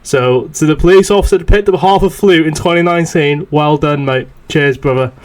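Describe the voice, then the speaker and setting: A man's voice: fairly high pitch, brisk. Sweary young man telling a story. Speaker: podcast host. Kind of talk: casual chat, swearing anecdote.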